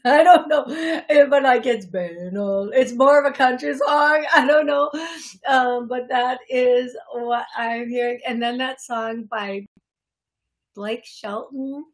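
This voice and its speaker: Slow, chatty woman radio host. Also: a little high. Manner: rambling, laughs often, self-deprecating. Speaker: psychic medium radio host. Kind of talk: casual radio call-in talk. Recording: radio studio broadcast.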